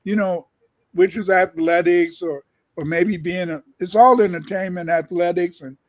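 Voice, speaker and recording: A man with a notably high voice explains things in a lecturing way and keeps repeating words as he restarts. The sound is dry and close, with no room echo. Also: fairly even intonation, normal speed. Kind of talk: casual livestream discussion.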